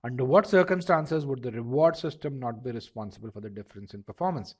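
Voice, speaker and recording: A man's voice: mid-range voice, lively intonation, fast, darkish tone, breathy edge. A man teaching a live online test-prep lesson, explaining step by step, often repeating words and asking the class to check they follow.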